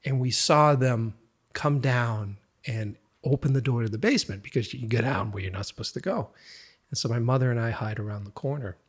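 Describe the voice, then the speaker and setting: A man, a podcast guest, telling a family anecdote in a casual, animated way and often laughing as he talks. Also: medium pitch, a little fast, husky. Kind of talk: casual storytelling.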